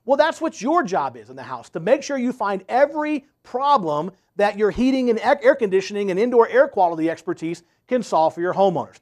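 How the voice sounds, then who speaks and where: Coaching home service contractors in a motivational sales training, this man speaks in a high, bouncy voice with big pitch swings, talking a little fast with few pauses. He's an emphatic storyteller who tags his points with "right?".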